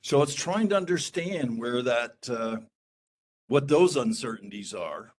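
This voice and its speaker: Man, mid pitch, measured, explanatory, video call participant. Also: expressive, a little mellow. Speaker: workshop participant. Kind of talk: clarifying a comment on a video call.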